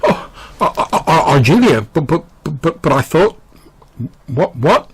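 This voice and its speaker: A man's voice: medium pitch, moderate pace, background noise, natural voice. A man voicing a flustered middle-aged woman who runs a brothel, stammering and tripping over her words. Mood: confused. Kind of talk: tabletop game character voice.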